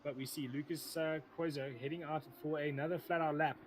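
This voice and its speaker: A man's voice: a little high, steady tone, a little fast, background noise. A man giving live sim racing commentary, rambling, often correcting himself and joking as he goes.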